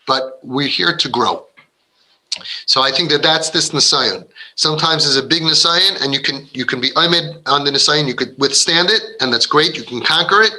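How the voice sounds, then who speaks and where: Earnest man with a sharp, bright voice. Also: mid-range voice, poor audio. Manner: earnest, rambling, with frequent restarts; acts out quoted voices of kids and parents. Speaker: parenting speaker. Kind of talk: inspirational talk to parents.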